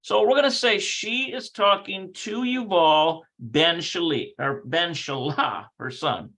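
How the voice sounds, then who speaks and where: A Hebrew teacher runs a relaxed language lesson livestreamed from his computer, speaking slowly in a bright, slightly high voice. He rambles, thinks aloud and corrects himself mid-sentence, and the recording quality is low.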